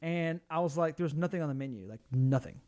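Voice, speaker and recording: Male podcast co-host, slightly high pitch; loose, rambling storyteller who acts out dialogue. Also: quick pace, warm tone. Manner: rambling storyteller, acts out quoted people, lots of fillers and restarts. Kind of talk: casual chat.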